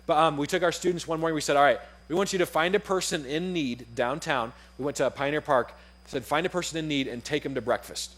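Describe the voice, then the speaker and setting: A young man gives a sermon as a story, speaking casually and acting out each exchange. His voice sits a little high for a man. He talks in loose, friendly chat. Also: quick pace. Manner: casual, animated, acts out dialogue in the story.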